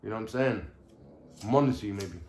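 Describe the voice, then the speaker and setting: A man's voice: lowish voice, brisk, a little mellow. Man telling stories straight to camera, slangy, sweary and rambling; echoey room with faint background noise. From London. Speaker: vlogger. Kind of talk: casual storytelling to camera. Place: at home, indoors, with a dog.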